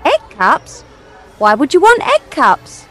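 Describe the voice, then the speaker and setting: A woman voicing a cheeky young girl in a children's audio story, bright, playful and sing-song. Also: high voice, huge pitch swings, slow pace, soft background music, heavily acted. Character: cheeky young girl who teases machines.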